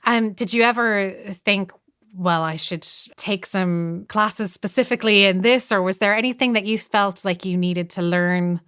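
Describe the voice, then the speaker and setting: Smooth-voiced woman interviewer. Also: medium pitch, measured pace, fairly bright tone. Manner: curious and encouraging, asks follow-up questions.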